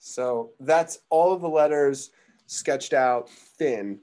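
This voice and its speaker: A man's voice: medium pitch, slow pace, a little mellow. A young man teaching a live drawing class, chatting casually and thinking aloud as he sketches. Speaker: art teacher.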